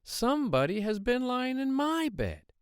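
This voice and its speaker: A prim mother bear speaks in a high, lifted voice, as a man puts her on. Storybook reading, close and dry. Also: very animated, a little slow, smooth, no echo, exaggerated voice. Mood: indignant. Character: middle-sized mother bear.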